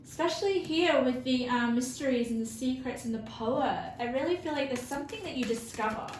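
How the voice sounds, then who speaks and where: A woman giving an intuitive tarot reading to her viewers, earnest and emotional, halting often with fillers and restarts. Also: high-pitched. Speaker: tarot reader. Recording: roomy with faint background hiss.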